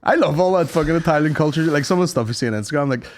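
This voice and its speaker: A man's voice: a little high, very fast, slight background noise. A man co-hosting a podcast, telling stories in sweary, laughing casual chat. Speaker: podcast co-host.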